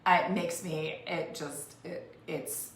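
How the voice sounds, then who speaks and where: A woman's voice: on the low side, fairly even intonation, takes it slowly, gravelly. A woman life coach giving an earnest, emotional motivational talk, often restarting her phrases as she speaks. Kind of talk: heartfelt motivational talk to camera. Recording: echoey room with faint noise.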